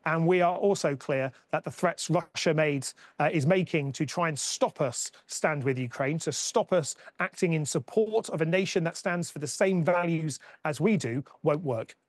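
A man's voice: on the high side, normal speed, few pauses, no room sound. A man making a firm, emphatic political statement.

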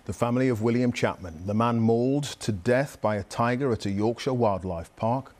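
A man presenting the news in a clear, formal read, handing over to reporters. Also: medium pitch, moderate pace, darkish tone. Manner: clear, formal reading with small slips. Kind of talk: news anchoring.

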